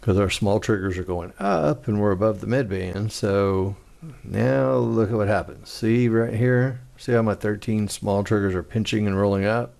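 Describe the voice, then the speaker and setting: Casting: male trading instructor, low voice with a gravelly edge, casual screen-share explainer. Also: normal speed, a little mellow. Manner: casual, conversational, acts out trader frustration.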